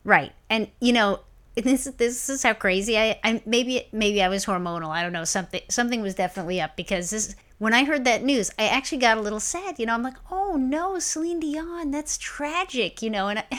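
A woman's voice: medium pitch, quick pace, a bit bright. A woman co-hosting a casual chat podcast, telling stories about herself with self-mocking asides. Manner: self-mocking storyteller, acts out her own reactions. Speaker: podcast co-host.

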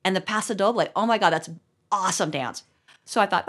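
A woman's voice: mid-range voice, fairly quick, a bit bright, slightly rough. A woman co-hosting a podcast, telling rambling, profane stories in casual chat with frequent restarts. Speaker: podcast co-host.

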